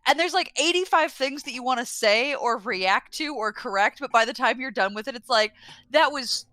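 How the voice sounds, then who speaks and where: A woman's voice: a little high, a little fast, bright, forceful tone, no room sound. A young woman co-hosting a casual podcast chat in a wry, joking way. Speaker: podcast co-host.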